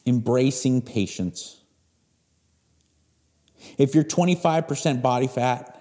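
A man's voice: mid-range voice, warm tone. A man in his forties hosting a podcast, giving a blunt, emphatic motivational talk and swearing freely. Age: 40s. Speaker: podcast host. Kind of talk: motivational monologue.

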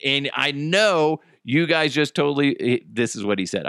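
A man's voice: medium pitch, expressive, normal speed, few pauses, a bit bright, no room sound, clean studio sound. An American man hosting a podcast, chatting in a casual, jokey and profane rant. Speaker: podcast host.

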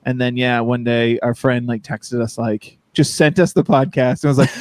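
A man's voice: mid-range voice, fairly even intonation, moderate pace, few pauses, no echo. A man appearing as a guest on a podcast, chatting in a laid-back, joking way. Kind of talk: casual chat.

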